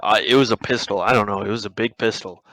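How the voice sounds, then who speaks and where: A young man hosting a podcast tells a story quickly in a fairly low, somewhat bright voice, rambling, cursing, and starting over many times. The low-quality recording has no room sound.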